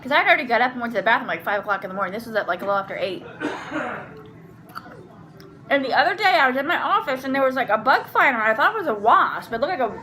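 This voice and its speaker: A woman's voice: on the high side, big pitch swings, very fast, bright, forceful tone, a little hiss or hum, low-quality recording. A young woman hosting an eating vlog at home, chatting casually between bites and rambling through a long story. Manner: rambling storyteller, talks with food in mouth. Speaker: vlog host and mother. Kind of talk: casual chat while eating. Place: family home at the table.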